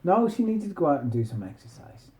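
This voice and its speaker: A man's voice: a little high, sing-song, fast, a little mellow, low-quality recording. A man improvising a meandering, playful bedtime story. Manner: playful, meandering, self-interrupting.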